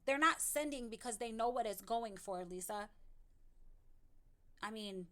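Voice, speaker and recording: Woman commentary host, slightly high voice, sarcastic scolding. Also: lively intonation, measured pace, a bit bright. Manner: scolding, sarcastic, addresses the clip directly. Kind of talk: reaction commentary.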